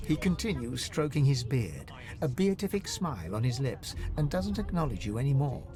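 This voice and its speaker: A man narrating a video game in a measured, descriptive way. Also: mid-range voice, big pitch swings, over music, natural voice. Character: calm male storybook narrator.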